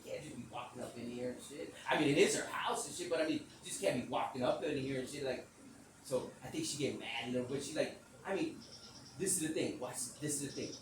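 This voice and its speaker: A middle-aged man hosting a podcast, telling a long story in a loose, slangy way with plenty of cursing and acting out quotes in a high voice. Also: fast, far from the mic. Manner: animated, acts out quotes in a high voice. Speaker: podcast host. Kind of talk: casual storytelling monologue. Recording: echoey room, voice off-mic, audible noise.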